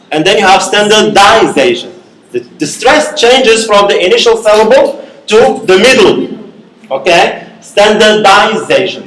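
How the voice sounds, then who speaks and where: High-voiced man lecturing in echoey classroom. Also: a bit bright. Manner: repeats key words, checks understanding with "okay?". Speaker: university lecturer. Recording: echoey room from far off.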